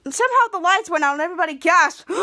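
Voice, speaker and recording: A woman's voice: very high-pitched, lively intonation, very fast, pushed and bright. A woman podcast host casually recapping a TV episode, rambling with frequent restarts.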